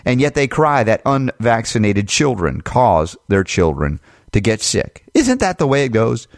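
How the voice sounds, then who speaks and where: A man hosting an opinionated talk-radio monologue, sarcastic and emphatic, firing off rhetorical questions and jumping into mocking high voices. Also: dry recording, studio quality. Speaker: talk show host.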